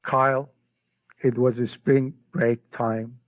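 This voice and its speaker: A middle-aged man tells his faith story slowly and earnestly, stumbling over repeated words as feeling builds. His voice sits at an ordinary pitch, recorded close and dry with no room around it. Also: steady tone, no echo, poor audio. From Iran. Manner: earnest, emotional storytelling with frequent word repeats. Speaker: podcast guest. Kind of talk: personal faith testimony.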